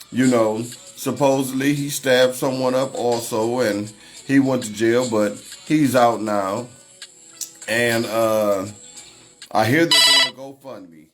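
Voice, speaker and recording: A man hosting a casual livestream, greeting viewers by name and talking over the news in a loose, conversational way. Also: medium pitch. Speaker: livestream host.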